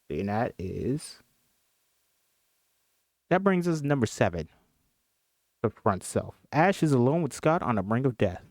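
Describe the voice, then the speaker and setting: A man's voice: mid-range voice, big pitch swings, measured pace, long pauses, no room sound, clean studio sound. A man casually reading a horror screenplay aloud, joking and chatting between scenes. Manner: chatty, laughs, jokes and apologizes between lines. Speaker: script reader. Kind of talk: casual script reading with commentary.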